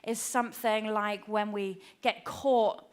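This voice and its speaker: Medium in pitch, steady in tone, slow and smooth, a woman preaches an earnest, conversational sermon. She frequently acts out quoted voices and sometimes lowers to a hush.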